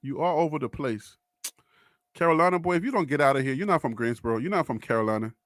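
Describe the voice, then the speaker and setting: A man's voice: medium pitch, fast talker, a bit bright, dry recording, studio quality. A man from Brooklyn hosting a live stream, arguing back at viewer comments in casual chat. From Brooklyn, New York. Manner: argumentative, rebutting viewers.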